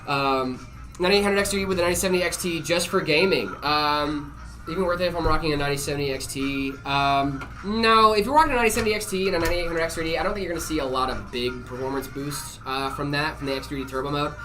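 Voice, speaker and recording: Relaxed, filler-heavy male stream host. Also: on the high side, fast talker. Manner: relaxed, full of "uh" and "um" fillers, jokey. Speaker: stream host answering viewer questions. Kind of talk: casual live-stream chat.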